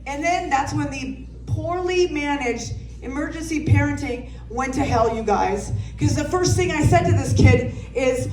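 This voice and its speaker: A woman's voice: high-pitched, measured pace, hardly any pauses, background noise. A woman in her thirties performing a brash, profane stand-up comedy set, telling stories about parenting with laughs. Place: comedy club stage. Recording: roomy sound from a distant mic.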